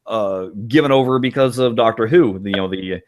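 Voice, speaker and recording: A man's voice: lowish voice, normal speed, a crowd in the background. A man co-hosting a podcast in casual chat, talking with animation and acting out quoted reactions. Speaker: podcast co-host.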